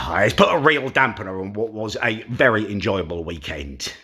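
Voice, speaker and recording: Guy rambling on his vlog, a bit husky and bright, moans a lot about his weekend. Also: fairly low pitch, expressive, normal speed. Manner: rambling, self-deprecating, complaining. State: hungover. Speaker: vlogger. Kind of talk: casual vlog.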